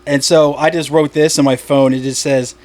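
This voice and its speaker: Man, stand-up comic, casual podcast chat, rambling, laughs at own jokes, slightly high voice. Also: flat delivery, moderate pace, a little mellow. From Delaware.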